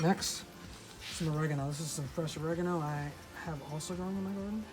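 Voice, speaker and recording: A relaxed presenter walks through a pizza recipe outdoors at the oven, speaking at an ordinary middle pitch. The talk is loose and unscripted, with frequent "uh" fillers and repeated words. Loud music plays behind the voice throughout. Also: a little fast, rough recording. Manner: relaxed, many "uh" fillers and restarts. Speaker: cooking demo presenter. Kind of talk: casual cooking demonstration. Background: loud background music.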